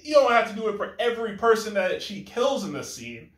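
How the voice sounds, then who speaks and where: Animated high-voiced man in an echoey room. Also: a little fast. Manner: animated, rambling, self-correcting, acts out lines of dialogue. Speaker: gaming commentator. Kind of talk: casual video game critique.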